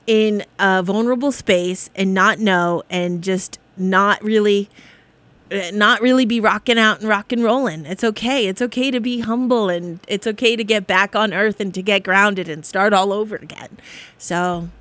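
A woman's voice: medium pitch, normal speed, fairly bright tone, no echo. A woman hosting a casual spiritual talk, rambling and encouraging, often breaking into laughter. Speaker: spiritual podcast host.

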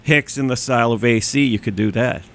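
A man's voice: medium pitch, brisk, vocal fry, a bit bright. A man interviewing a band in a loose, goofy way, cracking jokes. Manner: goofy, joking. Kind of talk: casual chat.

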